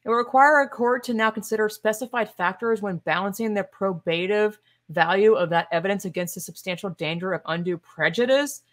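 A woman's voice: mid-range voice, brisk, hardly any pauses. Sarcastic woman podcast host ranting. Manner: sarcastic and exasperated, scoffing asides; opinionated and emphatic. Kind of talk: casual commentary monologue.

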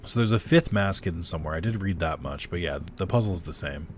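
A man's voice: sits low, animated, fast talker, a little hiss or hum. A man giving casual let's-play commentary on a game, chatty and laughing, swearing freely at what happens on screen. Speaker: gameplay commentator.

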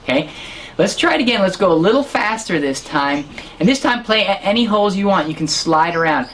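A woman's voice: medium pitch, lively intonation, a little fast, slight background noise. A woman teaching harmonica in an online lesson, patiently explaining and counting beats aloud.

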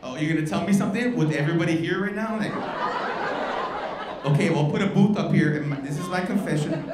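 A male stand-up comedian doing loud, profane crowd work from a club stage, teasing the audience. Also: on the high side, quick pace. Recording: echoey live club with crowd noise. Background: audience laughter and bar chatter.

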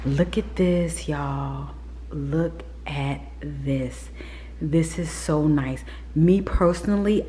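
A woman talks casually to her camera while touring a model townhouse. Her voice is low and mellow, often dropping to a hushed whisper. Faint background noise sits under the indoor recording. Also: extremely slow. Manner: chatty and candid, often drops to a whisper. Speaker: vlogger.

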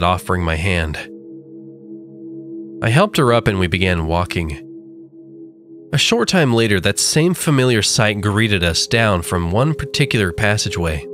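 A man with a low voice reads a horror tale, letting his pitch rise and fall dramatically. Soft music sits beneath the narration. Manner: measured, dramatic storytelling. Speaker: creepypasta narrator. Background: faint background music.

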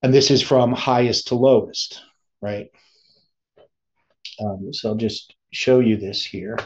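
A man giving an informal study lesson, thinking aloud with many pauses and restarts. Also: mid-range voice. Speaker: teacher. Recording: dull lo-fi sound.

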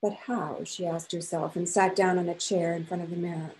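A woman, an author and professor, reading a novel aloud to a class in a measured, expressive way. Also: lowish voice, a little hiss or hum, rough recording.

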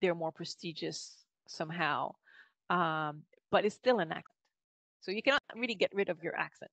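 A woman's voice: lowish voice, moderate pace, gravelly, fairly bright tone, dry recording. A woman from Canada with a Quebec French accent, speaking English as a second language as a guest linguist in a podcast interview, thoughtful and laughing often, with many fillers and restarts.

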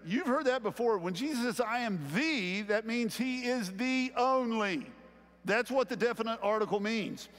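A middle-aged man preaches in a church sanctuary, his voice sitting high for a man. He climbs louder on key lines and keeps checking in with "okay?". The sound carries a long reverberant tail from the hall. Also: moderate pace. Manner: animated preaching, rising louder on key points, frequent "okay?" check-ins. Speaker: pastor. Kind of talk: sermon.

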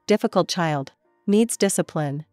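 A cold, stern stepfather who orders a child around, voiced by a woman reading the story. The voice sits fairly low and sounds dry and close. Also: measured pace, warm tone, no room sound, faint music behind, lightly acted.

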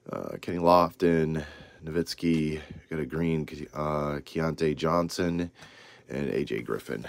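Low-voiced man opening card packs. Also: unhurried, vocal fry, dry recording. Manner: rambling, reads names off cards with asides. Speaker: trading card channel host. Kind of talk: casual card-opening vlog.

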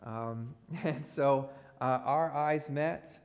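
A man's voice: mid-range voice, extremely slow. A man in his forties preaching a sermon in a church, telling a personal story with self-deprecating jokes and laughing at his own humor. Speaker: pastor. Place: church sanctuary.

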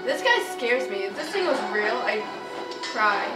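A woman casually narrating a video game playthrough, excitable and foul-mouthed, yelping and shouting at the game. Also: on the high side, a little slow. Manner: excitable, swears a lot, yelps and shouts at the game. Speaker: gamer doing a playthrough. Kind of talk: casual let's play commentary. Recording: roomy, distant mic with game music. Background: video game music and sounds.

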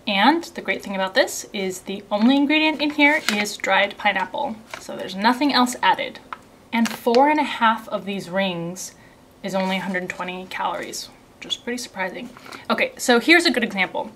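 A young woman with a mid-range voice chats casually through a snack tasting, reading ingredient lists aloud and trailing off into soft asides. She sounds close to the mic, with a faint hiss behind her. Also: mid-range voice, animated, moderate pace. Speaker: beauty and subscription box vlogger. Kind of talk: casual unboxing and tasting review.

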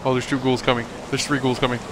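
A man's voice: mid-range voice, flat delivery, quick pace. A young man commenting on his game as a let's play host, joking and rambling and talking back at the enemies. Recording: noisy home recording.

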